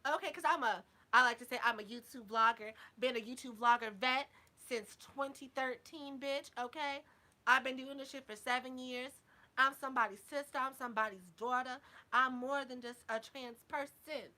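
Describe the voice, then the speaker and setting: A woman's voice: high voice, fairly even intonation, moderate pace, sharp tone. A woman vlogger talking casually to her viewers, sassy and blunt with heavy swearing, a little drunk. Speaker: YouTube vlogger. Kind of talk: casual live chat to viewers.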